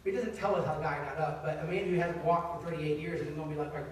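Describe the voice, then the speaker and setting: Male pastor, 30s, high voice, lively chatty sermon, booming church echo, mic far away. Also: fast talker, a little hiss or hum. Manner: conversational, animated preaching. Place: church sanctuary. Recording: echoey sanctuary, distant mic.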